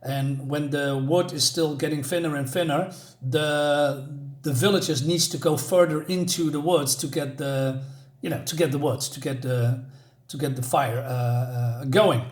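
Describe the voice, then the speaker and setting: A man's voice: on the high side, fairly even intonation, unhurried. Rambling man reviewing a comic. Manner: rambling, heavy with filler words and restarts.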